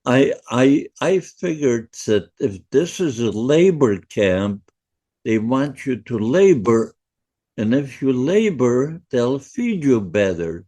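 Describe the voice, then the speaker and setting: A man in his nineties from Poland, a podcast guest giving a first-person survivor's testimony in a halting, emotional way with many restarts. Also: medium pitch, very animated, dark tone. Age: 90s.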